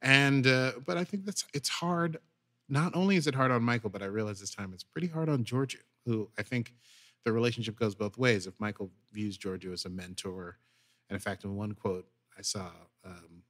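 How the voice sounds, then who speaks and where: A man's voice: lowish voice, moderate pace. A man co-hosting a podcast, recapping an episode in casual chat and acting out the characters' lines. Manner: animated retelling with acted quotes. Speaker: podcast co-host.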